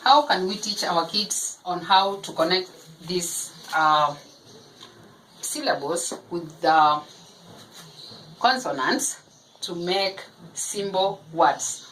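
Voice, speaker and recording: A woman teaching phonics, sounding out syllables slowly and repeating each one for parents of young children. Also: lowish voice, a bit bright, slight background noise, low-quality recording. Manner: slow, deliberate, repeating each syllable aloud.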